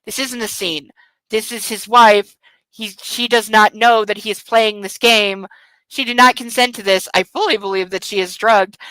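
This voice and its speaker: Casting: a blunt, sarcastic woman reading a book aloud, bright crisp voice, dry close sound. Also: fairly high pitch, no room sound, poor audio. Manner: sarcastic, indignant, blunt with swearing. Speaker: book club reader and commentator.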